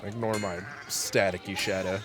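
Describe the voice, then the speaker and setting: A man's voice: sits low, steady tone, moderate pace, music in the background. A man streaming a video game, reading its text aloud and joking about his own accents. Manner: playful, self-mocking. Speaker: gaming streamer. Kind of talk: let's play commentary.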